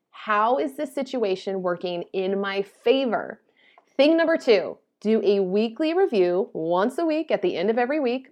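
A woman hosting her own podcast alone, chatty and upbeat in an easy, casual way. She sounds tired after too little sleep but keeps the energy up. She laughs at her own stumbles. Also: mid-range voice. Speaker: podcast host. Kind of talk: casual solo podcast talk.

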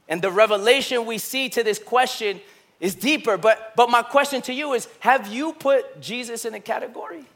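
A male pastor preaching a sermon, moving between loud emphatic bursts and hushed, slow, intimate passages. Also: sits high. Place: church sanctuary.

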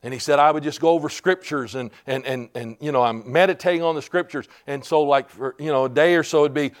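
A pastor with a voice on the high side preaches a fervent sermon, talking fast, building to shouts and calling "Amen?" out to the congregation.

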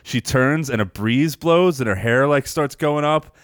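A man's voice: medium pitch, a little slow, clear, resonant tone, no room sound, clean studio sound. A man co-hosting a film podcast in casual chat, rambling, swearing freely and animatedly retelling scenes. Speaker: podcast co-host reviewing films.

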